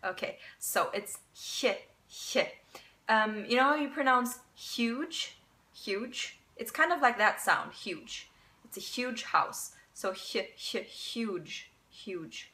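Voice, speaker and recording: Woman, language teacher, bright voice, step-by-step explanations, slow repeated examples. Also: a little high, animated, low-quality recording. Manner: explains step by step, often checks in with "okay?"; models sounds slowly and repeats example words. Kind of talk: casual online language lesson.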